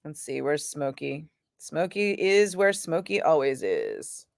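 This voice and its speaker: A middle-aged woman, chatting casually with viewers on a home livestream, animated and sweary as she tells stories. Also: low voice, slow, gravelly, no echo, studio quality. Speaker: radio DJ chatting with live viewers.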